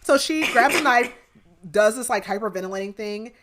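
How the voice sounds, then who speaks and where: A woman's voice: fairly high pitch, animated, moderate pace, noisy background. A young woman co-hosting a podcast, casually retelling a novel's plot in a rambling way with constant "like" fillers. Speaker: podcast co-host. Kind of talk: casual book recap chat.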